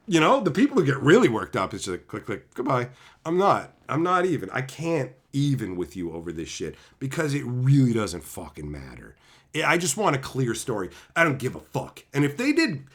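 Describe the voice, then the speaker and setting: A man's voice: medium pitch, huge pitch swings, brisk, fairly bright tone. A man hosting his own channel, ranting about stories in a heated, sarcastic, profane way. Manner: heated, sarcastic, swears constantly; mocking voices of imagined critics. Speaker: channel host. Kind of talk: profane opinion rant.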